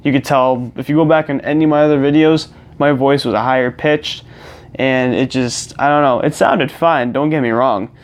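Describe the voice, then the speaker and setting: Talking to camera while gaming, a young man vlogs in a rambling, casual way, full of fillers and restarts. His voice is medium in pitch, with fairly even intonation and a moderate pace. A clip-on lapel mic connected to his phone captures the audio.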